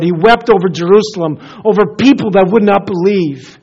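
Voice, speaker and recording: A man preaching a sermon as pastor, earnest, often dropping to a hushed soft voice and repeating words as he searches for them. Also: high voice, normal speed, hardly any pauses, husky. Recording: dull lo-fi recording.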